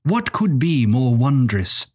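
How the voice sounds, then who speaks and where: A man's voice: mid-range voice, big pitch swings, slow pace, darkish tone, breathy edge, heavily acted. Man doing a genteel, courteous keeper.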